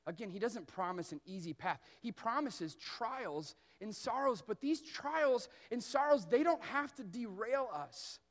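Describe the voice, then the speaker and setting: High-voiced earnest male preacher. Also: expressive. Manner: earnest storytelling preaching, slowing on key phrases. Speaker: pastor. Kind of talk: sermon.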